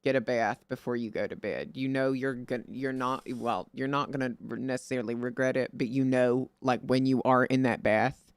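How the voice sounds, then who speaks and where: Male streamer, casual and rambling, gravelly fry but smooth tone, dry close sound, playful put-on Southern drawl. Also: mid-range voice, steady tone, normal speed, dry recording. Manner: giving friendly advice. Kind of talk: casual chat.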